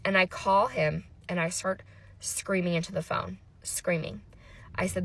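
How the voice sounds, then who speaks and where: A woman's voice: fairly low pitch, flat delivery, normal speed, creaky, fairly bright tone, slightly rough. A woman in her thirties, a mother, retelling a frightening family story in an emotional storytime monologue, intense and breathless as she quotes the dialogue. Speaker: mother telling a personal story.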